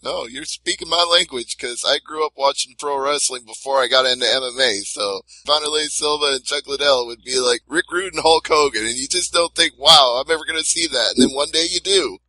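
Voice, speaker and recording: A man's voice: mid-range voice, brisk, hardly any pauses, bright, forceful tone, dry recording, poor audio. A man interviewing a fighter in a casual chat, enthusiastic and laughing along. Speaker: interviewer, MMA writer.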